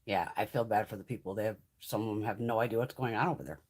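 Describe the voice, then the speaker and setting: A woman hosting a beauty livestream, chatting casually in a blunt, profane, animated way and laughing often. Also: a bass voice, fast talker, slightly rough.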